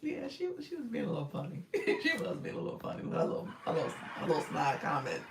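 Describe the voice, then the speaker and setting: A woman's voice: low-pitched, sing-song, quick pace, background noise. Chatty laughing woman with lilt. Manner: laughs often, chatty, addresses viewers as y'all. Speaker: live-stream coach and agency owner. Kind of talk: casual live-stream chat reading comments. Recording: roomy echo, a bit far from the mic.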